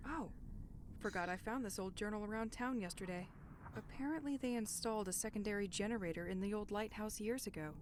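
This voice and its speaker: A woman's voice: medium pitch, brisk, natural voice. An actress voicing a young woman who talks to herself matter-of-factly while searching a lonely town in a game. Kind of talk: game voice acting. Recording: clearly noisy hiss.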